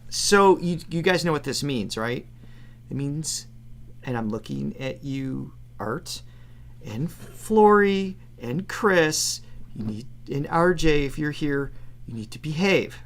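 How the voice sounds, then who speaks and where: Cheerful, gravelly-voiced man co-host. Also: on the high side, lively intonation, slow. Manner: cheerful, laughs often. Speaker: vocal coach and co-host. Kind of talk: casual reaction chat.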